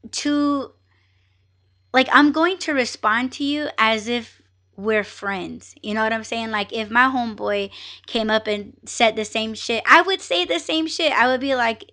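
A woman hosting a podcast, telling a story in a casual, animated and profane way, with many fillers and acted-out exchanges. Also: on the high side. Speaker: podcast host.

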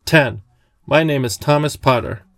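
A man's voice: medium pitch, measured pace, vocal fry, a bit bright, no room sound. A man voicing a suspicious, blunt ten-year-old boy. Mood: wary.

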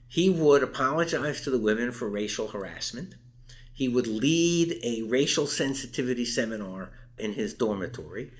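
Emphatic older man telling a story. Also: medium pitch. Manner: storytelling, emphatic, acts out quoted exchanges. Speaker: interview guest. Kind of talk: recounting a campus case in conversation.

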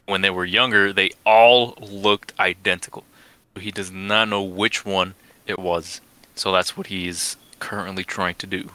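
A man chatting as a podcast guest in a brash, excitable way, swearing freely while summing things up. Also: deep voice, measured pace. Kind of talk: casual chat.

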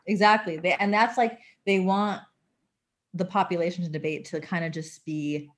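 A woman's voice: on the low side, moderate pace. A woman speaking frankly and with animation in a casual conversation, using "like" a lot. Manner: animated, frank, heavy use of "like".

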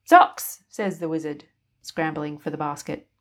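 A woman narrating a story in an even, wry storytelling manner. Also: deep voice, moderate pace. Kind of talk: scripted narration.

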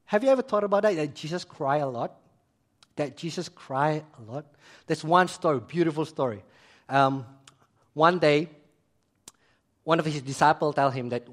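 A man preaching a sermon, emphatic, repeating phrases and putting questions to his listeners, swinging between loud emphasis and quiet asides. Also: fairly high pitch, lively intonation, moderate pace, pauses often.

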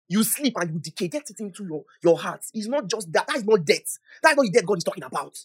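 A young man preaching a sermon, emphatic and animated, swinging from loud declarations to soft asides. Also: sits high, quick pace, hardly any pauses, slightly rough. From Nigeria.

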